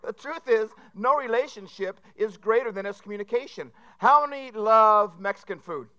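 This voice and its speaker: Male pastor, sermon delivery, self-deprecating humor, high and bright. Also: normal speed, smooth, lo-fi sound. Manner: rambling, self-deprecating joke-telling.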